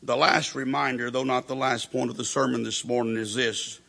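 Man, preacher, sermon, storytelling, acts out quotes, husky, tense tone. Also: mid-range voice, flat delivery, moderate pace, pushed and bright.

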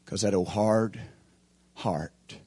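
A husky male pastor preaching in a church, his voice rising to shouts and dropping to near whispers as he drives his points home. The sound is dry and close, with folksy turns of phrase throughout. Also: on the low side, steady tone, takes it slowly, dry recording. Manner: preacherly, swings from shouting peaks to hushed lines. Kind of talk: sermon.

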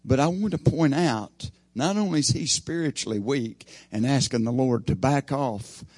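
A man preaching an evening sermon, his voice swinging from loud emphasis to hushed asides. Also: medium pitch, normal speed, no echo.

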